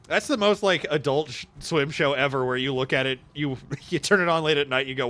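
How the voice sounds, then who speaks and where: A man's voice: a little high, fairly quick, few pauses, fairly bright tone. A young man chatting casually and laughing while streaming a game. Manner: goofy, laughing, quoting cartoon lines in silly voices. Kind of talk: casual gaming stream chat.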